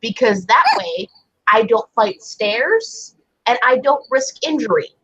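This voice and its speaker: A woman's voice: a little high, animated, takes it slowly, fairly bright tone, highs cut off, slight background noise. A woman co-hosting a casual livestream, chatty and a little tipsy. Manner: chatty, tipsy, self-deprecating. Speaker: stream co-host.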